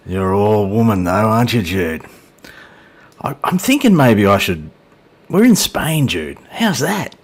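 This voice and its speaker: This middle-aged man's fairly low, creaky voice carries casual commentary on his flight sim video. He's chatty and self-deprecating, joking with a co-pilot who never speaks as he flies.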